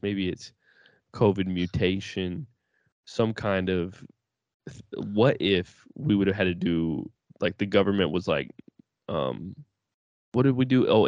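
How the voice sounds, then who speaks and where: Deep-voiced laid-back guy. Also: darkish tone, no room sound. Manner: laid-back, swears often, lots of fillers and restarts. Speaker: podcast co-host. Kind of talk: casual chat.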